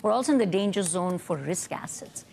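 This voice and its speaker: A woman guest analyst on a financial news broadcast, speaking in a measured, analytical way. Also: on the low side, animated, vocal fry, darkish tone, slight background noise.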